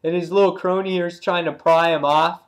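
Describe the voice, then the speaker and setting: A man reviewing a comic book in casual talk, retelling scenes excitedly with many fillers and acting out the characters' lines. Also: high-pitched, brisk. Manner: loose and rambling, many fillers.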